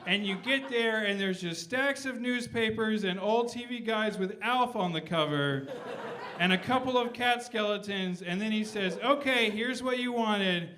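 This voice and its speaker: A man's voice: high-pitched, fairly bright tone, slight background noise. A young man doing a stand-up set on stage, rambling and swearing and tagging lines with "right?". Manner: profane, rambling, keeps asking "right?". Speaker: stand-up comedian. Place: on stage before a live audience.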